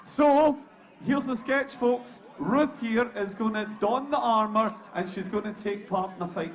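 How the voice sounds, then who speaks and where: A man hosting a live event, talking lively and hyping up the crowd. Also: very high-pitched, normal speed. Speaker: event host.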